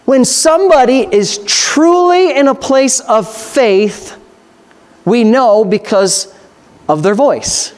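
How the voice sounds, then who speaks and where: A high-pitched male pastor delivering a sermon. He reads Scripture aloud and punctuates it with pointed rhetorical questions, pressing his points home with emphasis. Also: lively intonation, slow pace.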